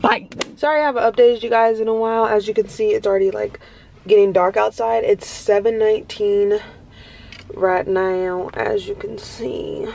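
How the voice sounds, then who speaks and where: Her mid-range voice is a little mellow and creaky, with fairly even intonation and a moderate pace. She's a vlogger in her early twenties, rambling casually to viewers with many fillers as she records on her phone in a parked car, and there's slight background noise.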